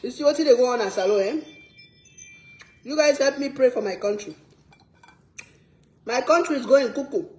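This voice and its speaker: Her voice is high, expressive and a little mellow, moving at a moderate pace with long pauses in a reverberant room. She's a cooking vlogger from Sierra Leone with a Sierra Leonean English accent, talking casually to viewers. Earnest and emphatic, she repeats words to stress them.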